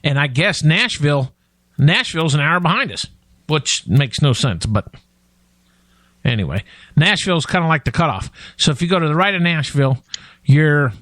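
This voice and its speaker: A man's voice: on the high side, big pitch swings, normal speed, long pauses, a bit bright, no echo. Teasing man chatting on a podcast. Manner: teasing, laughs often. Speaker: podcast co-host. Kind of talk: casual chat.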